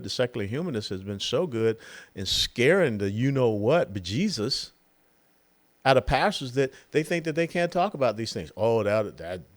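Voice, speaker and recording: An older man in his sixties delivers a solo political commentary. His pitch swings widely as he talks, rising and dropping for emphasis. He sounds mocking and keeps breaking into short impressions of the people he criticizes. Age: 60s. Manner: animated, mocking, mimics others in quotes.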